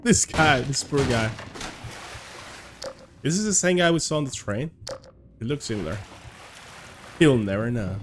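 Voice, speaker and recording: A man's voice: mid-range voice, lively intonation, a little slow, long pauses, noisy background. A man streaming a game live, chatting casually, swearing freely and laughing at his own play. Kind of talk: casual live gameplay commentary. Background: game music and gunfire.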